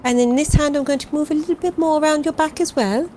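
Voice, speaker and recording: A woman playing a kind, motherly woman adventurer who speaks gently and coaxingly, with little restarts. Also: high voice, fast talker, a little hiss or hum, voice pushed up, natural voice, low-quality recording.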